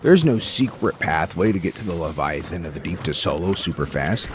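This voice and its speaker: A man giving casual, excitable commentary while playing a game, joking and talking to himself and the game. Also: deep voice, brisk, background noise. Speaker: gameplay streamer.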